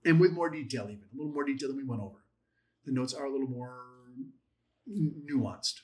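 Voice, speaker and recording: A man's voice: medium pitch, fairly quick, a little mellow. A man teaching a Bible class in a methodical way, listing terms, repeating points and asking rhetorical questions.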